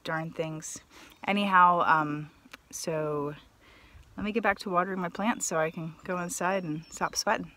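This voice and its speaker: A woman with a slightly low voice chats excitedly while walking through her home garden. Her talk is loose and casual, full of "um" and "you know". She sounds like she is filming herself outdoors. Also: moderate pace. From United States. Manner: chatty and excitable, with fillers. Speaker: gardening vlogger.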